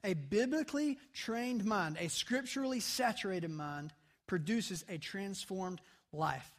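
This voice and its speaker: High-voiced pastor preaching conversationally. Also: male voice, lively intonation, unhurried. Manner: conversational preaching, drops to soft intense tones. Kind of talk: sermon. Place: church sanctuary.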